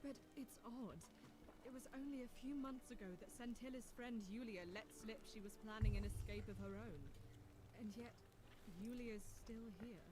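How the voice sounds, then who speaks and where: A woman's voice: a little high, fairly even intonation, moderate pace, close to an everyday voice, low-quality recording. A woman playing a composed quest-giver.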